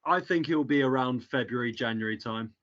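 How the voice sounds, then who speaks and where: A man from England co-hosting a casual football chat, hesitant and trailing off quietly at the ends of his points. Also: mid-range voice, brisk, muffled recording. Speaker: podcast co-host. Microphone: video call.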